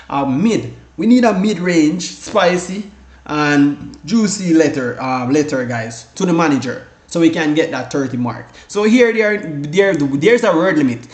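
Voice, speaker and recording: Rambling man tutoring in an echoey room. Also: a little high. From Caribbean. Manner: rambling, repeats "guys" and "all right", many fillers and restarts. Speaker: exam tutor. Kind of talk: casual exam-prep lesson.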